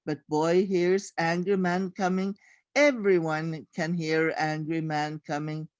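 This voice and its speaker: Woman author, slow deliberate read-aloud, close dry recording. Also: sits low, steady tone, dry recording. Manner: slow, measured storytelling. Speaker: author reading her book aloud. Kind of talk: picture-book read-aloud.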